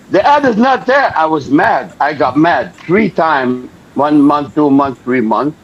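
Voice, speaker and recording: An older man telling a story in an interview, acting out the voices of the people in it. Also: mid-range voice. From Lebanon. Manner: animated, acts out the voices of people in his story. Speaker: interview guest. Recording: dull lo-fi recording.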